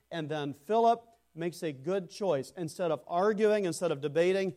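A man preaching a sermon in a fairly high voice. He climbs into loud, emphatic lines, then sinks into hushed, low-pitched asides. He talks straight to people in the pews, calling some by name. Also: lively intonation, normal speed, few pauses. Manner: speaks to congregation members by name. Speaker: pastor.

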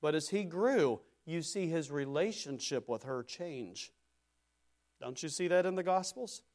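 A man preaching a sermon in an emphatic, repetitive cadence, swinging between loud declarations and quieter passages. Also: on the high side, animated, a little slow.

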